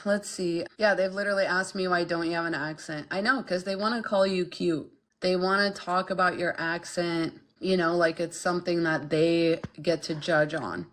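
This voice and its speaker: A young woman hosting a casual livestream, talking frankly and bluntly with lots of "like" and "you know", reading out and answering chat. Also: low-pitched. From Ukraine. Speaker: podcast host reading chat.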